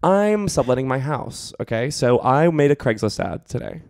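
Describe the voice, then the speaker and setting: A man's voice: medium pitch, sing-song, moderate pace, darkish tone, dry recording, clean studio sound. A young man co-hosting a podcast, telling a gossipy story in casual chat, giggling often. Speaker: podcast co-host.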